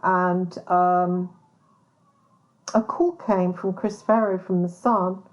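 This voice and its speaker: A woman's voice: lowish voice, steady tone, slow pace, pauses often. A woman hosting a podcast, talking bluntly in a casual monologue, with lots of swearing, "um"s and restarts. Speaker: podcast host, private investigator. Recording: dull lo-fi sound.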